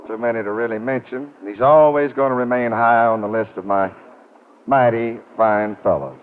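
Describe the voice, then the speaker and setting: Easygoing radio variety show host. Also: male voice, mid-range voice, steady tone, normal speed. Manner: friendly, easygoing banter. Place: large auditorium stage. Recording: tinny, noisy 1950 radio broadcast.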